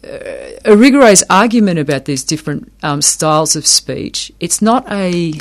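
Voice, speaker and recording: Thoughtful higher-voiced man explaining ideas. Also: lively intonation, normal speed. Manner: thoughtful, repeats words while working out a point. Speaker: academic interviewee. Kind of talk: explanatory interview talk.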